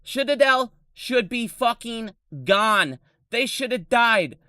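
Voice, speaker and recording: A man in his thirties rants on a live stream, swearing constantly, his voice high and swinging wildly up and down. The tone is bright and edgy. The sound is dry and close. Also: animated, slow pace, clear, resonant tone, no room sound. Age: 30s. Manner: angry, profane, ranting.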